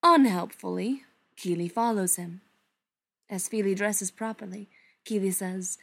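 A woman narrates a story slowly and gently, letting lines settle before moving on. Her delivery is soft and often sinks almost to a whisper. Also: medium pitch, gravelly. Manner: soft, unhurried, often hushed. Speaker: reader. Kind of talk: storybook narration read aloud.

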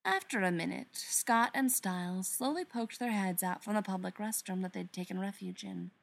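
A woman narrating a story aloud in an expressive storytelling manner. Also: medium pitch, moderate pace, vocal fry. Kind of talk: reading fan fiction aloud.

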